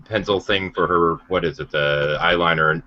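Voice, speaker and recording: A man's voice: sits low, steady tone, moderate pace, dull audio, background noise. A man making dry wisecracks in a casual podcast chat.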